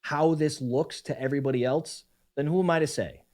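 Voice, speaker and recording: Measured male video narrator. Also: on the high side, fairly even intonation, darkish tone, slight background noise. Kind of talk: scripted commentary narration.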